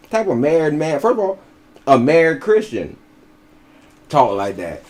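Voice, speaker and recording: A man's voice: medium pitch, sing-song, moderate pace, pauses often, a little mellow. Blunt, profane male podcast commentator. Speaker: podcast co-host. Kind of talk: casual commentary.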